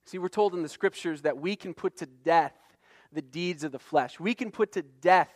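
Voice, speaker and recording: A man in middle age preaching a sermon, his voice sitting a little high for a man. He talks earnestly and conversationally, with frequent restarts. The sound is dry and close, with no room around it. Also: normal speed, dry recording. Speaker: pastor.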